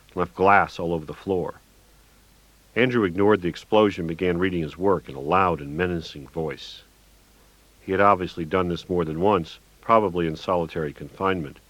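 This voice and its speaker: Deep-voiced man narrating a gritty tale. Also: fairly bright tone, dry recording. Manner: wry, gritty storytelling. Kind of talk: audiobook narration. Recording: dull lo-fi dry recording.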